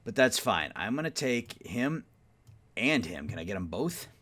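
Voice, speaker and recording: His mid-range voice is fairly bright, sing-song and unhurried as he plays a baseball management sim for a YouTube let's-play. Half-asleep with the occasional yawn, he muses over trades, murmuring to the teams in the game.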